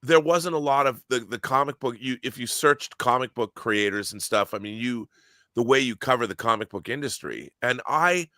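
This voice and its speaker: A man telling excited, geeky stories in casual podcast chat, often acting out quotes and restarting his sentences. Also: medium pitch, moderate pace, dry recording, clean studio sound. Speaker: guest, audio drama producer.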